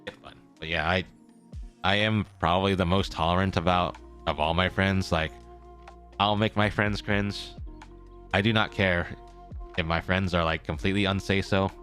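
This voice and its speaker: A man's voice: deep voice, fairly even intonation, normal speed, a bit bright, faint music behind. A young man chatting casually to his live-stream viewers as a traveling merchant character, rambling and repeating himself as he corrects his words.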